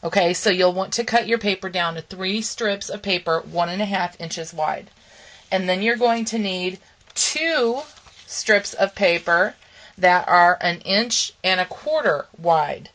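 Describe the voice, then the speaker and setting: A crafting channel host walks viewers through a casual papercraft tutorial, narrating each step in a chatty way full of ums and okays. Her voice is fairly low and fairly bright, her pace measured, and the recording quality is low. She is losing her voice and keeps clearing her throat.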